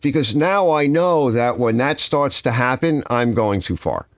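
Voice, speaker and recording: A man's voice: medium pitch, measured pace, dry recording, clean studio sound. Older man rambling on a live stream. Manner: rambling, animated storytelling. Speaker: livestream host. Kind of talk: casual live-stream chat. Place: home garage.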